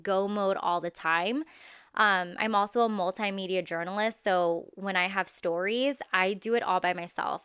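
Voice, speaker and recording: Woman, 30s, podcast host; candid and chatty with loose filler words, crisp voice, dry close sound. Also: mid-range voice, sharp tone, no echo. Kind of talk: casual solo podcast talk.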